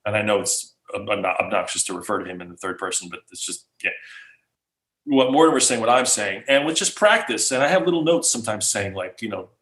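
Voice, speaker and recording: A man chatting casually as a guest speaker, animated and full of fillers. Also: fairly low pitch, fairly quick, roomy sound. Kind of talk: casual chat.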